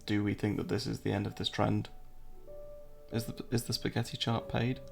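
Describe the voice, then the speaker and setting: A man's voice: fairly low pitch, little pitch movement, normal speed, vocal fry, over music. An English man hosting a casual live-stream, joking, answering viewer chat and walking through trading charts. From England.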